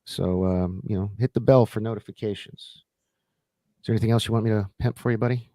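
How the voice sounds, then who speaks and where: A man hosting a casual live-stream chat, retelling scenes with lively acted-out quotes. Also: lowish voice, fairly quick, dry recording. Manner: animated retelling, acting out quoted lines. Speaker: host.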